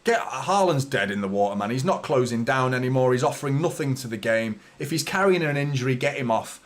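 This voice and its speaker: A man's voice: mid-range voice, animated, a little fast. A man hosting a live football watchalong, commentating and ranting at his team's players with frustrated, sweary exasperation. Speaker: fan channel host.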